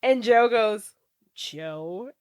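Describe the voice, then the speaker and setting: A woman's voice: mid-range voice, extremely slow. A young woman in her twenties co-hosting a casual podcast, telling stories with lots of laughter. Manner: giggly, animated storytelling. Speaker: podcast co-host. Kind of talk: casual chat.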